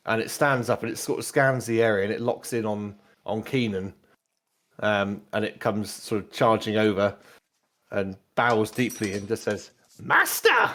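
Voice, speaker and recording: A man narrating a tabletop game as game master, in a relaxed, rambling way. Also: fairly low pitch, moderate pace.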